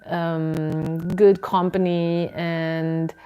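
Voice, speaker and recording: A woman reads tarot cards in a casual, musing way. Her voice sits fairly low and she speaks slowly, pausing often with ums and small laughs. She is indoors at home, talking straight to her viewers. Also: level tone, smooth, low-quality recording. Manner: unhurried and musing, with many ums and soft laughs. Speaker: tarot reader.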